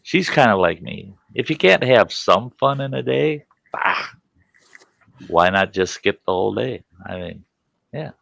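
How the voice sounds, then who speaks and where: Gravelly older man telling a family story. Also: fairly low pitch, measured pace, no echo. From Wisconsin. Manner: animated storyteller who acts out voices, swears freely. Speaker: vlogger. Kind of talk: casual storytelling.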